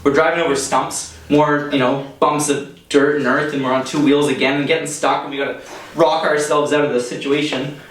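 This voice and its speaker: A man's voice: fairly high pitch, level tone, a little fast, fairly bright tone, far from the mic. A young man from Canada telling a personal story to a live audience, chatty and casual, with plenty of fillers and laughter. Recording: echoey room, heard from off the mic.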